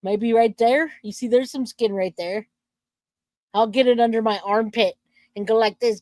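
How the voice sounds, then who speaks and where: A woman's voice: mid-range voice, steady tone, a little slow, a little mellow, no echo. A woman hosting a true crime livestream, chatting loosely with her viewers and reading comments aloud. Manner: loose and chatty, self-interrupting, laughs easily.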